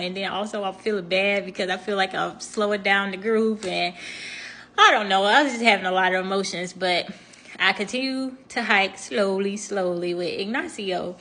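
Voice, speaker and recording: A young woman vlogger telling a story in a chatty, expressive way, speaking straight to her viewers. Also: medium pitch, normal speed. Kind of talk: casual storytime.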